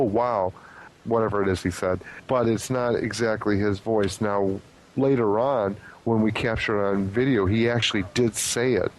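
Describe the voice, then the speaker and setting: Low-voiced man explaining paranormal voices. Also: low-quality recording. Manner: earnest, explanatory, speculative. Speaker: paranormal investigator guest. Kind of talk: casual podcast interview.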